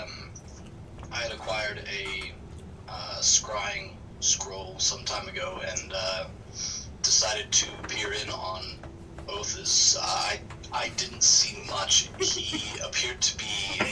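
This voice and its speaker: A man player voicing a sheepish adult male adventurer in a tabletop role-play, telling his story in a halting way full of pauses. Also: lowish voice, very animated, pitched below the performer's own voice, exaggerated voice. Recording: distant mic with background noise.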